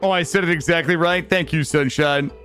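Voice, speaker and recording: A man's voice: a little high, fairly even intonation, a little fast, a bit bright, soft background music. A young man streaming a game, chatting playfully with his viewers and swearing casually. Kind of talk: casual gaming stream chat.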